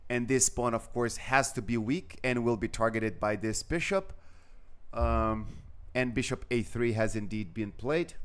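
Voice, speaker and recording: Chatty male chess commentator, rambling, lots of fillers, mid-pitched. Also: a little slow, clean tone. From Brazil. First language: Portuguese. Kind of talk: live game commentary.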